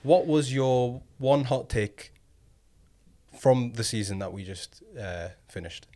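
A man with a medium-pitched, animated, mellow voice hosts a casual football podcast. He quizzes and teases his co-hosts, drawing out his questions with long, stretched prompts.

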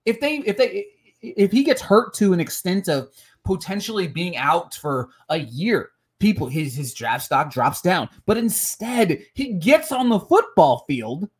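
A man's voice: sits high, animated, a little slow. A man hosting a casual sports podcast, heated and frustrated, often repeating words and restarting his sentences. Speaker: podcast host.

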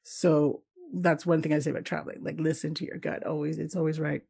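A middle-aged woman from Canada, a guest telling travel stories in a casual interview, lively and laughing often as she acts out the people she met. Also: deep voice, a little fast, creaky, husky.

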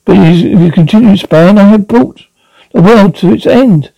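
A man voicing a frail, ancient abbot who speaks in halting, broken phrases. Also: high voice, creaky, dark tone, no room sound, lo-fi sound, voice pushed up. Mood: pleading. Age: older. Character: frail ancient male abbot, weary and urgent.

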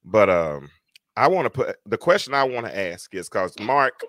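A man hosting a casual live-stream talk show, chatting with a co-host and putting questions to the audience in an animated, storytelling way. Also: fairly low pitch, moderate pace, no room sound, clean studio sound. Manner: animated, laughing storyteller who acts out quotes.

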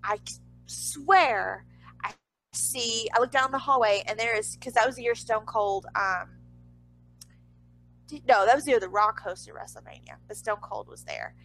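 A woman's voice: measured pace, vocal fry, pauses often, fairly bright tone, low-quality recording. A woman casually telling a personal story, chatty and full of "like", swearing now and then and acting out others' lines. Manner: acts out others' lines in a higher voice.

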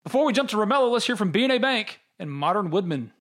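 A high-pitched man hosting a sports podcast. He talks in a lively, joking way and teases his co-host as they chat about college sports. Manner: animated, joking, quick to tease. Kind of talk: casual sports talk.

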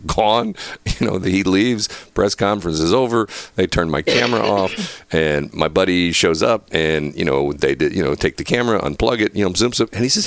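Gravelly low-voiced man telling stories. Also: fairly quick, no room sound. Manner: animated, laughs through his stories, acts out other people's lines. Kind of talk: casual storytelling chat.

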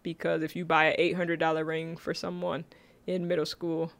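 A woman co-hosts a relaxed chat about a sitcom episode. She retells the scenes with drama, breaking into laughter often. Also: deep voice, moderate pace. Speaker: podcast co-host. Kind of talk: casual chat reviewing a sitcom.

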